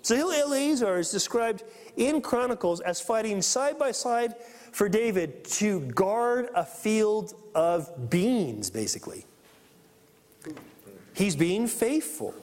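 A man with a high voice preaches a sermon, reading scripture aloud and acting out the people in the story with animated energy. His voice rings out in a long, echoing hall reverb. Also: takes it slowly. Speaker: pastor.

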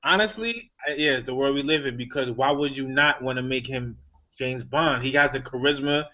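A man's voice: mid-range voice, flat delivery, fairly quick, pushed and bright. A man co-hosting a casual chat, joking and using slang. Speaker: podcast co-host. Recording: dull lo-fi recording.

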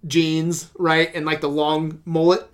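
Animated man retelling a show, slightly high voice. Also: takes it slowly. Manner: animated storytelling with swearing and laughs. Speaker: podcast host. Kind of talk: casual chat.

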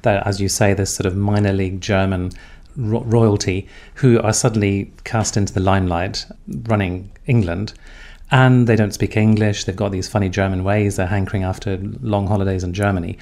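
A man with a somewhat low voice hosts a podcast interview. He puts his questions to the guest in a chatty, casual way. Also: steady tone, moderate pace, a little mellow.

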